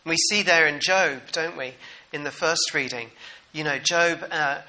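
A New man preaching a sermon in an animated, conversational way and putting questions to the congregation. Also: on the high side, measured pace, poor audio.

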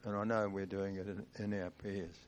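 A man in a church giving earnest, halting Christmas wishes and a farewell to the congregation. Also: low voice, flat delivery, a little hiss or hum. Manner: halting and earnest, repeating words.

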